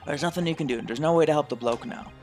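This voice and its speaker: A man's voice: fairly high pitch, quick pace, a little mellow, soft background music, close to an everyday voice. A man voicing a blunt, dismissive middle-aged police inspector in a put-on British accent while playing a game.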